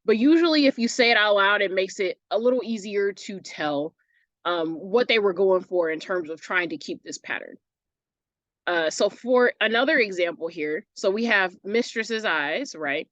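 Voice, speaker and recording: A woman teaching an online English lesson in a casual, chatty way, often checking in with "right?" and sounding out words slowly to show where the stress falls. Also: medium pitch, fairly bright tone, no echo, lo-fi sound. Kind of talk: recorded lesson walkthrough.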